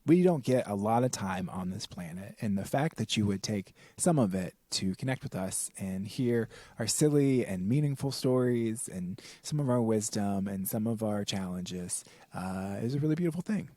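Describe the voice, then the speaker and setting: A man co-hosting a casual podcast with a somewhat low voice. He talks in a gushing, affectionate way with playful swearing. The sound is dry and close. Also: expressive, normal speed, few pauses, no room sound. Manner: warm, effusive, playfully profane. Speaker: podcast co-host. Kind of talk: casual chat.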